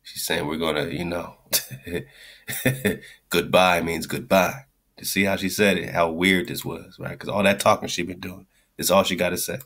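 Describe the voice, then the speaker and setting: A man with a very low voice and a rough, gravelly texture. He hosts a radio show and talks over a clip in blunt, profane slang, circling back to his points again and again. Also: fairly even intonation, moderate pace, a bit bright. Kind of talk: commentary on a played clip.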